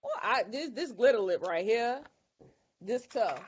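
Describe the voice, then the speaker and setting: A woman's voice: on the high side, a little slow, slightly rough. Woman hosting a makeup class, lo-fi. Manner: lively, exclaims and repeats herself. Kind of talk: casual makeup tutorial chat.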